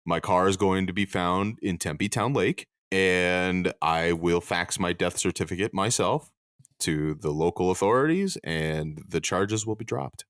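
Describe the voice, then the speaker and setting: A man's voice: deep voice, measured pace, dry recording, studio quality. A man co-hosting a comedy podcast who teases his friends with theatrical flourishes. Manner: animated, theatrical teasing. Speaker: podcast co-host. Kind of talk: casual comedic banter.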